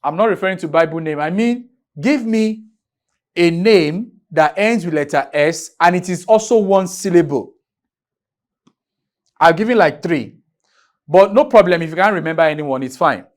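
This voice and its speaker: A man's voice: high-pitched, lively intonation. A man from Nigeria teaching an English grammar lesson in a classroom, writing on a board, drawing out key words and firing questions at his students. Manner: drawn-out, emphatic teaching with repeated questions to students.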